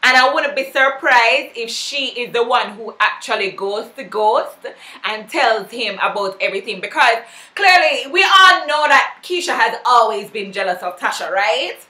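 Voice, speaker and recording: Gossipy woman recapping a show, bright voice, roomy echo. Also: on the high side, expressive, moderate pace. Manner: chatty, gossipy, opinionated. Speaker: vlogger. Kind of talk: casual TV episode recap.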